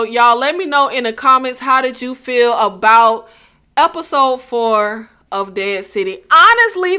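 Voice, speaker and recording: A woman with a high, bright voice reviews a TV episode in a loose, chatty way. She is from the Southern United States, drops slang like "y'all" and "child" into her talk, and laughs easily as she goes. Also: smooth. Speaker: TV review channel host. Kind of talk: casual chat review.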